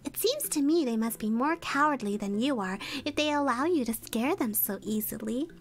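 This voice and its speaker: A woman's voice: a little high, animated, moderate pace, soft background music, pitched below the performer's own voice. A woman voicing a kind, brave young girl in a whispered role-play reading, reassuring in tone.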